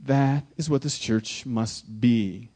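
This pastor's voice is husky and mid-range, and he preaches slowly but emphatically. He shifts from loud proclamations to hushed words, often repeating himself for emphasis.

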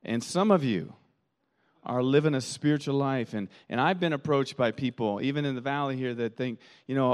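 Animated man preaching a sermon. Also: mid-range voice, moderate pace. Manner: animated storytelling with quoted voices; repeats words while thinking. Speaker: pastor.

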